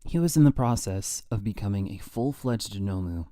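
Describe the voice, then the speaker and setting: A calm male doctor from a manga, explaining in a measured way, read aloud by a man. The voice sits low, and the sound is dry and close. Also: no room sound, natural voice.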